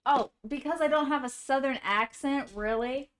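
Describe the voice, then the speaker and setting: Chatty higher-voiced woman streamer. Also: moderate pace, fairly bright tone. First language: English. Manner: chatty, rambling, reacting to viewer comments. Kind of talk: casual chat.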